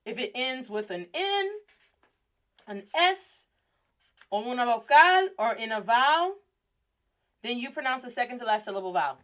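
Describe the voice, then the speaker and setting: A lively woman with a fairly high voice hosts a language podcast. She runs a playful lesson and slips Spanish words into her English explanations. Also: normal speed, long pauses. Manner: animated, mixes Spanish phrases into English. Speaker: podcast host and Spanish teacher.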